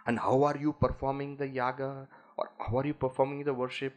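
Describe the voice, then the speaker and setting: A man's voice: medium pitch, a little fast. A man with an Indian English accent giving a spiritual discourse on scripture, telling stories and acting out the people in them. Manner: animated storytelling, acts out quoted voices.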